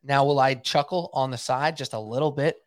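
A man's voice: mid-range voice, fairly quick, no room sound, studio quality. Emphatic man on a sports podcast. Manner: animated, emphatic, repeats himself. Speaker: podcast co-host. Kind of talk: casual sports podcast chat.

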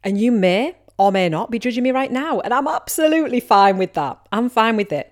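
A woman's voice: a little high, animated, brisk. Chatty Teesside woman podcast host. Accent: Teesside English. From Teesside, England. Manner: candid, chatty, acts out imagined remarks from listeners. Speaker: podcast host and business coach. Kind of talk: casual solo podcast monologue.

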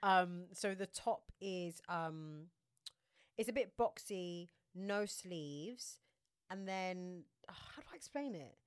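A woman's voice: on the low side, expressive, takes it slowly, clear, resonant tone, no echo, clean studio sound. A woman co-hosting a casual fashion podcast, chatty and giggly, describing outfits with lots of fillers. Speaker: podcast co-host. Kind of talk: casual chat about red-carpet fashion.

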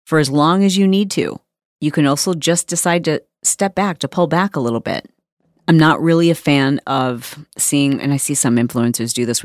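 A woman's voice: deep voice, no room sound, studio quality. A woman hosting her own podcast, talking frankly and emphatically in a conversational monologue. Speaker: podcast host.

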